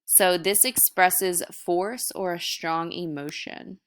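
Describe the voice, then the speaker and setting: A woman's voice: on the low side, steady tone, takes it slowly. A young woman teacher recording a video lesson, explaining step by step in a casual way.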